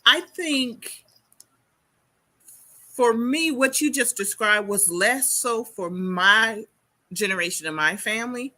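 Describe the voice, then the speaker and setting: Bright-voiced chatty woman host. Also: a little high, slow, long pauses. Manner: chatty, animated storytelling. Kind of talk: conversational interview.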